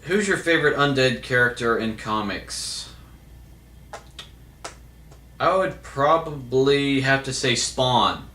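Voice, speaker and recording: A man casually answering viewer questions, hesitant and full of fillers and restarts. His voice sounds bright and a little sharp, at a middle pitch. The recording rings noticeably in an echoey room. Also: measured pace. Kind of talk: casual Q&A monologue.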